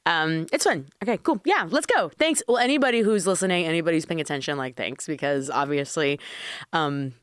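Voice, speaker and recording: A woman hosting a casual podcast, chatty and quick to laugh, with casual swearing. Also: sits low, expressive, smooth, dry recording, clean studio sound. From Washington State. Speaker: podcast host, cannabis consultant.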